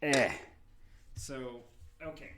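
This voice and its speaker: A man's voice: medium pitch, extremely slow, a bit bright, slight background noise. A man chatting casually on a livestream, rambling and self-deprecating with lots of fillers, testing his webcam mic. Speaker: game cafe streamer. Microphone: webcam mic, testing placement.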